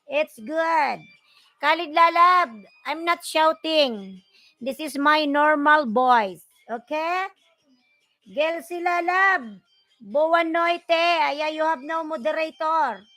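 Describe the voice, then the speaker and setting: A woman with a Filipino accent hosting a casual livestream, reading viewer comments and calling out loud shout-outs in English and Filipino. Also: high-pitched, slow pace, no room sound. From Philippines. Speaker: livestream vlogger.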